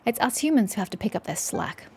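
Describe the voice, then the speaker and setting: A woman's voice: medium pitch, expressive, fast talker, darkish tone, husky. A woman voicing a proud, hardworking male dock laborer in a game, boastful about his crew.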